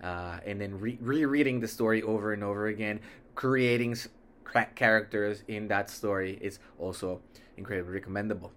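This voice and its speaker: A man's voice: fairly low pitch, a little fast, fairly bright tone. A young man from Mexico whose first language is Spanish, talking casually and rambling as host of a solo podcast, often correcting himself mid-sentence. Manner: rambling, self-correcting, easygoing.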